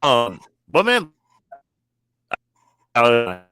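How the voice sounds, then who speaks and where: A man hosting a casual chat over a video call from his phone, halting and restarting his sentences. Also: mid-range voice, huge pitch swings, pushed and bright, smooth, no echo. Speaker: podcast host.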